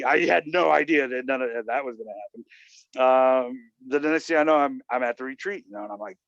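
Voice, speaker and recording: A man's voice: medium pitch, brisk, creaky, dry recording. A man in mid-range voice spins a meandering personal story, leaning on "you know" and slipping into the voices of the people he quotes. The recording is dull and lo-fi, with a dry, close sound. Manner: rambling, many "you know" fillers, acts out quoted dialogue. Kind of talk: casual conversational storytelling.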